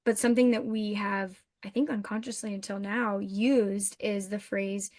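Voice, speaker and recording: A woman's voice: mid-range voice, steady tone, moderate pace, a little mellow, dry recording, studio quality. A woman co-hosting a podcast, reflecting on and affirming what her guest said in a conversational way. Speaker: podcast co-host.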